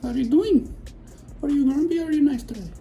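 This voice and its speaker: A man doing a high cooing baby-talk voice. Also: quick pace, dark tone, faint music behind.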